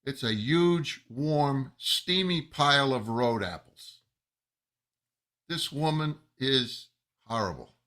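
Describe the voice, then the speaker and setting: A man giving an angry, emphatic monologue as a rabbi, slow and building to loud outbursts. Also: mid-range voice, animated. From United States. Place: New Jersey.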